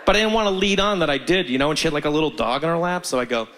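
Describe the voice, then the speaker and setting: A man's voice: on the high side, very fast. A man doing stand-up, telling stories animatedly and acting out the people in them. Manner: animated, acts out voices in his stories. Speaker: stand-up comedian. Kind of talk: stand-up storytelling.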